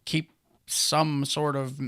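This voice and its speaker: A man in casual podcast chat, calmly explaining things step by step. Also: fairly high pitch, drawn-out words, clear, resonant tone.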